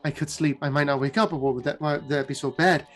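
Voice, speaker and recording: A man's voice: high-pitched, big pitch swings, a little fast, voice pushed up. A man voicing a weary male mage who sinks toward sleep and then frets aloud. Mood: drowsy.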